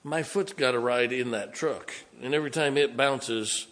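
Folksy preacher with a bright voice. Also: male voice, mid-range voice. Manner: folksy, conversational, dramatic pauses. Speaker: pastor. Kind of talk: sermon storytelling.

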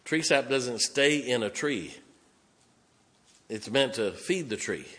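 A man's voice: medium pitch, expressive, takes it slowly, pushed and bright. Man preaching in an echoing hall. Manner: emphatic preaching, reading scripture aloud then explaining it. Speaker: pastor. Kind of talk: sermon. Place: church sanctuary. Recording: long reverb of a large hall.

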